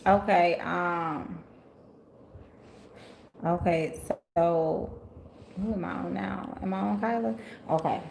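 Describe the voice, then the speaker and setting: A woman's voice: mid-range voice, gravelly, a little mellow. A woman from Memphis, giving a live tarot reading and chatting with her viewers, calling them honey and y'all. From Memphis, Tennessee. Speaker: tarot reader on livestream. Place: rental house, indoors. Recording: echoey room, faint ambient noise.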